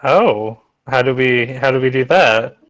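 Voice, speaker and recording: A man's voice: mid-range voice, measured pace, a bit bright, rough recording. A man playing a tabletop game online who eagerly says what his character does. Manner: eager, declaring actions. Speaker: player.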